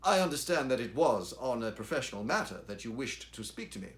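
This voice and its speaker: Un hombre que lee como un joven ingeniero formal. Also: male voice, medium pitch, big pitch swings, brisk, close to an everyday voice. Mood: earnest. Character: young, struggling, earnest male engineer.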